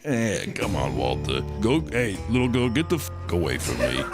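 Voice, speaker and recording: A man doing a gruff foul-mouthed talking toy. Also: huge pitch swings, moderate pace, loud music behind the voice. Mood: gruff, crude. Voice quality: deep gruff voice. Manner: crude, growling insults.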